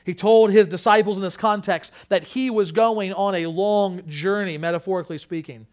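A man's voice: sits high, fairly even intonation, normal speed. A man preaching a sermon, earnest, shifting his emphasis and restarting a few phrases as he goes. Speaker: pastor.

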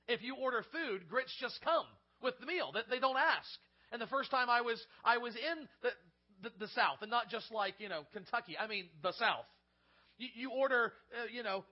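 Man, pastor, high voice, emphatic then hushed delivery, dull lo-fi recording. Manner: swings from loud emphatic peaks to soft hushed lows; repeats words at starts of phrases. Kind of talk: sermon.

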